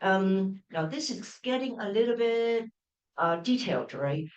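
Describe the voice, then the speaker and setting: A middle-aged woman lectures at an unhurried pace, often restarting phrases and tagging on "right?" to check in with her audience. Her voice sits at an ordinary pitch, and the lecture room gives it a roomy echo. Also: animated, recorded from a distance, highs cut off. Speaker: university professor giving a lecture. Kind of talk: open-day lecture.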